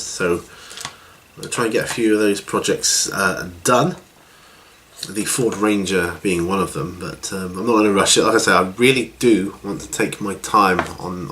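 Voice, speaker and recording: A man's voice: fairly low pitch, a bit bright. A middle-aged man chatting casually on his hobby channel, rambling with lots of fillers and restarts. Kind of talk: casual chat.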